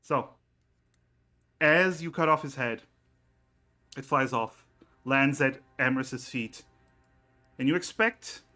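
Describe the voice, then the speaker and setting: A man narrating a tabletop game as game master, in a slow, unhurried way. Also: mid-range voice, pushed and bright, faint music behind.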